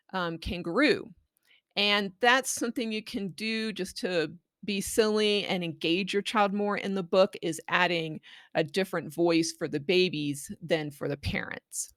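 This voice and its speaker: A woman calmly walks parents through how to read a picture book with their child, speaking at an unhurried, deliberate pace. Her voice sits in a middle register and sounds close and dry, with no room around it. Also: medium pitch, dry recording. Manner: patient, explaining, models read-aloud phrases. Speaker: children's language book presenter. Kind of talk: instructional tips for reading aloud.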